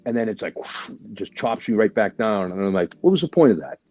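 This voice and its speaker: Low, husky veteran telling his story. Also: animated, fairly quick, a little mellow, dry recording, lo-fi sound. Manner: candid, profane, full of "right?" and "like". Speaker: podcast guest, military veteran. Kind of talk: casual storytelling.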